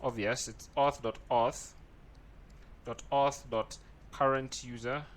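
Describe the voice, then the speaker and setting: A programming tutor records his screen for a coding lesson, speaking slowly in a steady, mid-range voice with slight background noise. He narrates his thinking as he types and often asks "right?".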